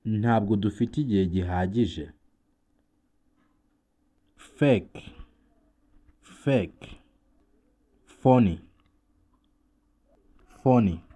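A man with a Rwandan accent teaches English vocabulary, repeating each word twice in a slow, careful drill before translating it. His voice is fairly low and warm.

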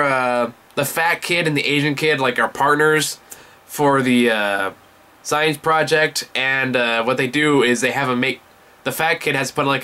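A man's voice: mid-range voice, bright, forceful tone. A young man giving a casual vlog movie review, enthusiastic and rambling, swearing often.

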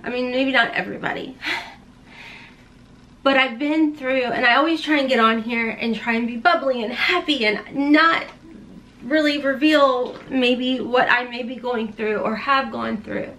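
A woman's voice: high-pitched, unhurried, fairly bright tone, slight background noise. A woman beauty vlogger chatting casually while doing her makeup, rambling, emotional and heartfelt with folksy slang.

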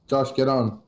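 Male gamer, animated voice, swears freely, laughs a lot. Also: mid-range voice, a little hiss or hum. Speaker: gaming friend. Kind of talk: casual gaming chat.

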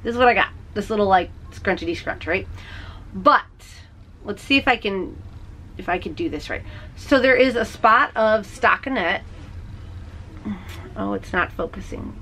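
A bubbly woman gushes to her camera in a casual, chatty home video podcast. Her voice sits at an ordinary middle pitch. A faint hiss runs under the recording. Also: pushed and bright. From Texas. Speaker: podcast host.

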